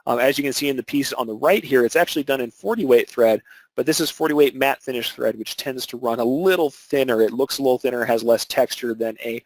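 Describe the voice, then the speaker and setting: A man's voice: medium pitch, fast talker, no room sound, poor audio. A man teaching an embroidery webinar, explaining technique step by step with filler words and restarts. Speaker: embroidery instructor.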